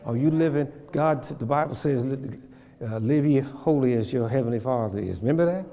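A man's voice: medium pitch, fairly quick, warm tone, big-room sound. A man preaching a sermon, repeating phrases and checking in with his congregation. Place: church.

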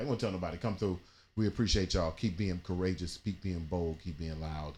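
A man hosting a casual live-stream chat, animated and dramatic, laughing often. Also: low-pitched, fairly quick. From Dayton, Ohio family. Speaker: host.

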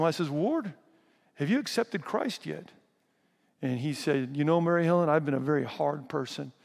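A middle-aged male pastor with a gravelly voice that sits a little high, telling stories from the pulpit with emphatic swings. His words ring out in a church hall with a long reverb tail. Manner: storytelling, emphatic and dramatic. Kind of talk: sermon.

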